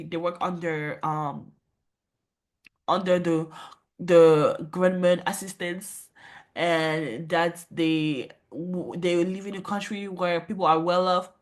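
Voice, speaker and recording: A woman sits and reacts to a clip, voice pitched on the low side. She talks earnestly and tags her points with "right?" and "you know?" asides. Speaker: commentator host. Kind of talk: casual commentary on a clip.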